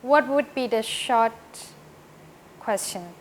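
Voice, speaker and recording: A woman teaching an English grammar lesson, explaining slowly and often checking with "right?". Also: a little high, expressive, slight background noise.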